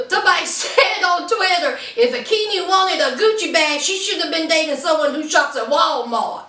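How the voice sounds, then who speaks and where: A woman's voice: high voice, animated, moderate pace, pushed and bright, echoey room, far from the mic. A woman giving a chatty, sassy recap of a reality show, telling the story with lots of attitude. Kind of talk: casual recap commentary.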